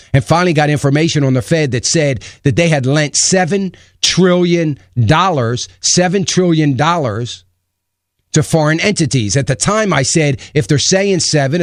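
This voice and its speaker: Male radio host, slightly high voice, dry close studio mic, emphatic and opinionated delivery. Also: dry recording. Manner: opinionated, emphatic, rhetorical questions. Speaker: radio talk show host. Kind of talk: radio talk commentary. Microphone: studio microphone.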